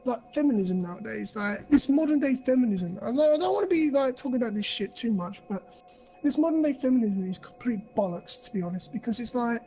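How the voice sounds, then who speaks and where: A man's voice: very high-pitched, animated, brisk, mellow. Man, casual podcast rant, heavy swearing, dull lo-fi recording, faint music behind. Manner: swears heavily, rambling with many fillers. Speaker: podcast co-host. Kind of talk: casual ranting chat.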